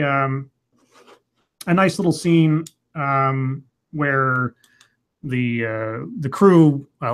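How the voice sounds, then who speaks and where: A man's voice: medium pitch, fairly bright tone. A man casually retelling a film plot as a podcast co-host, rambling with fillers and restarts. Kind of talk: casual movie recap chat.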